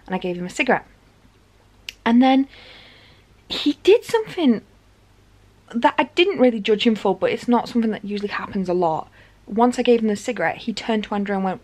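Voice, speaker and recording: A chatty woman vlogging straight to camera, retelling an evening out in an animated, conversational way. Her pitch sits in an ordinary middle range for a woman, and she speaks with an easy, informal manner. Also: fast talker. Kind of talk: casual storytelling to camera.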